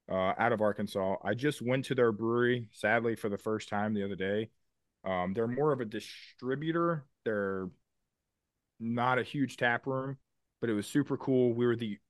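A man's voice: on the low side, a bit bright, no echo, clean studio sound. A man co-hosting a podcast in casual chat. He explains things in detail with a lot of enthusiasm and swears casually. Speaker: podcast co-host.

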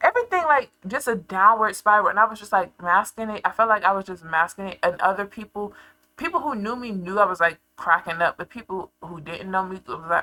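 A young woman vlogging in a casual confessional chat, telling her story with animated flair, laughing often and acting out her past self. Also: medium pitch, brisk, low-quality recording.

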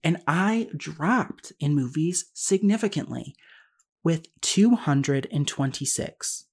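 A man hosting a solo podcast, talking very fast in a rambling, self-deprecating way. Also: on the high side, a little mellow. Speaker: podcast host.

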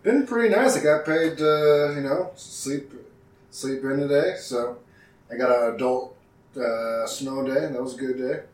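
A man's voice: mid-range voice, unhurried, a little mellow. A man chatting on a casual podcast, laid-back and in no hurry. His voice sounds distant and roomy, picked up from across the room. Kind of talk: casual chat.

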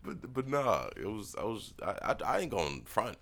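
Very deep-voiced man telling stories. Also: sing-song, moderate pace, creaky, fairly bright tone. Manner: laid-back storytelling, frequent swearing and restarts. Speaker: podcast co-host. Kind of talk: casual chat.

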